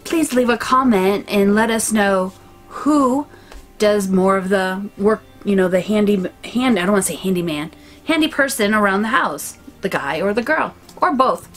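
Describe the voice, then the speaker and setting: A woman speaks in an easy, chatty way and teases her partner as she addresses viewers. She keeps things light and talks freely. Faint music plays underneath. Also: medium pitch. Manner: chatty, teasing, quick to laugh. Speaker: vlog co-host. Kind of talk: casual chat.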